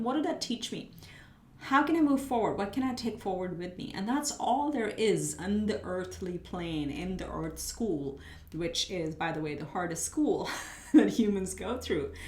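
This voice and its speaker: A woman's voice: medium pitch, roomy sound. A woman host giving a pick-a-card tarot reading, chatty and spiritual, her voice slightly muffled as she is losing it. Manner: chatty, spiritual, thinks aloud while laying cards. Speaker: tarot reader.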